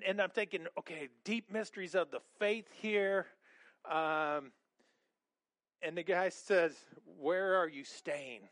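Lively, chatty male preacher. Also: high voice, no room sound. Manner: animated, conversational, lots of repeated words and restarts. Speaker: pastor. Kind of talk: sermon.

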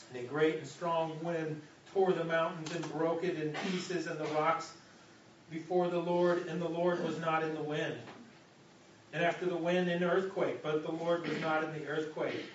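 A man's voice: on the high side, steady tone, measured pace, slight background noise. Man, pastor, sermon, echoey church hall, distant muffled mic, dynamic delivery. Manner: dynamic preaching, drops to a soft hush for God's voice.

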